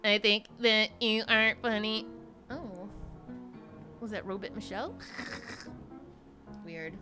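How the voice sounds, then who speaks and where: A woman's voice: medium pitch, slow, music in the background. A woman co-hosting a comedy podcast in casual, playful banter, laughing often. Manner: giggly, playful, teasing. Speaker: podcast co-host.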